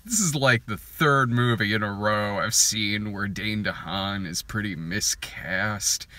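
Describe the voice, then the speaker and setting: A man co-hosting a casual film review chat, animated and laughing often, swearing freely as he riffs. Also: on the low side, measured pace.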